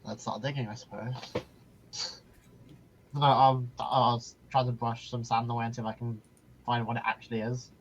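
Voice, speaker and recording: A man's voice: mid-range voice, level tone, normal speed, pauses often, slight background noise. A man playing a tabletop game, talking hesitantly on a dull lo-fi mic. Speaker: player. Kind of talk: casual tabletop game talk.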